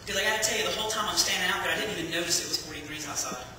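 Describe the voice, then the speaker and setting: A man's voice: high voice, racing, bright, forceful tone, slight background noise. A man giving a chatty personal testimony to a church congregation, telling his story with plenty of fillers. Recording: echoey hall from far off.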